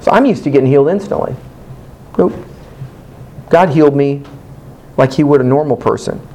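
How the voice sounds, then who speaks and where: A man preaching a sermon, telling a personal story in an animated, candid, self-mocking way and acting out his own past dialogue. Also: mid-range voice, normal speed, low-quality recording.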